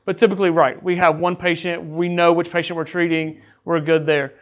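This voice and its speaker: Man, higher-pitched voice, EMS training officer, casual crew lecture, conversational, keeps asking "right?". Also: level tone, a little fast. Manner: jokes with the crew.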